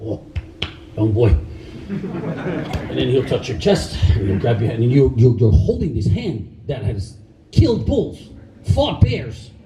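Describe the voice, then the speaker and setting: A middle-aged man telling a story on stage in a casual, animated way, swearing freely. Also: mid-range voice, a little slow. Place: stage in a large hall. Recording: roomy hall, mic at a distance, faint noise.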